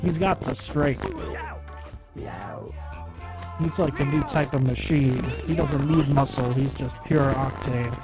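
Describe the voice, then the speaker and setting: A mid-pitched live streamer chats casually over a game, rambling and cracking jokes while reading chat aloud. Game music plays clearly in the background. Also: fairly even intonation, takes it slowly, long pauses, poor audio.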